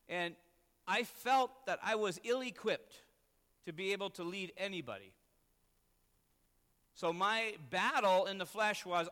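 A male pastor delivers a sermon through a personal story, earnest and self-deprecating. His voice is fairly high and bright. It rings out with a long reverb in a church hall. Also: clean tone.

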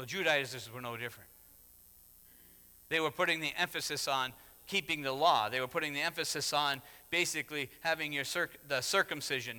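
A man preaching a sermon in an emphatic way, often rising to loud exhortation. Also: medium pitch, in a large hall. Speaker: pastor.

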